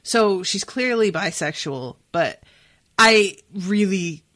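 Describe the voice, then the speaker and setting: A young woman hosting a podcast with a lively, swooping voice and a slightly sniffly sound. She chats casually, filling her talk with "like" and "um". The recording is close and dry. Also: medium pitch, slow pace, no room sound. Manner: chatty, full of "like" and "um". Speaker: podcast host. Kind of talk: casual chat about a book.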